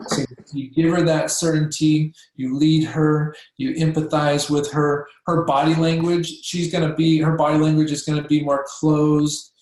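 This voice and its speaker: A man's voice: on the high side, darkish tone. Man teaching in an echoey room. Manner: acts out patient and doctor voices, many fillers and restarts. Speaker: trainer. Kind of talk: training workshop talk.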